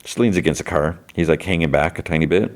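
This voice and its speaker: A man's voice: low-pitched, quick pace, darkish tone. A man hosting a podcast, recapping an episode in a loose, rambling way and filling his talk with "like.". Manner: rambling, heavy use of "like". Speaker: podcast host.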